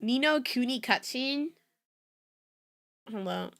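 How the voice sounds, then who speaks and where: Young adult woman, native Spanish speaker. Casual, giggly stream host with a slightly high, very animated voice. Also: slow pace, gravelly. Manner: chatty, giggly, rambling asides to chat. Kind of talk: casual reaction-stream chat.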